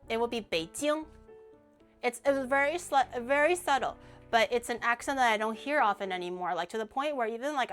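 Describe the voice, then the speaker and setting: Woman streamer chatting at home, goofy self-roasting, laughs a lot, slightly high voice. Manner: animated, joking and self-mocking, laughs often. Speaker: VTuber streamer. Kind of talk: casual livestream chat.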